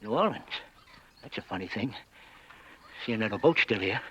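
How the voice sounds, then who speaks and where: In a 1960s TV western, an actor with a lowish, lively voice plays a chatty, giggly backwoods man who uses rustic grammar, chuckles, and stammers at a moderate pace. The folksy scene comes through on a muffled old TV soundtrack that's a bit bright with slight background noise.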